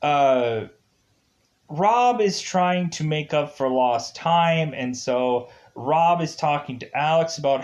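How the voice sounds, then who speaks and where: A man's voice: on the high side, expressive, slow, highs cut off. A man with an Upper Midwest accent giving a casual, rambling review of a TV episode, full of fillers and chuckles.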